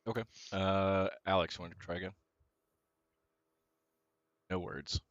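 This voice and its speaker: A man's voice: sits low, little pitch movement, slow, fairly bright tone, no echo. A man narrating as game master over voice chat, hesitant, with many fillers and restarts. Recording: dull, slightly lo-fi voice chat audio.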